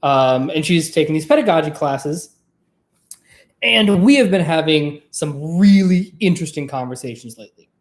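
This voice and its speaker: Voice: mid-range voice, expressive, normal speed, reverberant. Rambly vlogger w a singer's voice, swears a lot, just chatting to the camera. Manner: trained singer's voice. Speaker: vlog host. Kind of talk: casual chat to camera.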